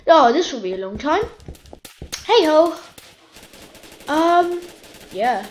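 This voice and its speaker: A woman giving casual, excitable commentary while playing a shooter game, pleading with the game and cheering her kills. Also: high-pitched, slow pace, long pauses, noisy background. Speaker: gaming YouTuber.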